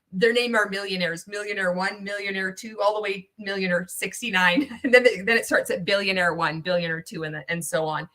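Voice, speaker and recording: Sarcastic woman streamer with a bright voice. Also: on the low side. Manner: sarcastic, swearing, laughs often. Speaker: livestream reaction host. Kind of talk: casual live-stream reaction commentary.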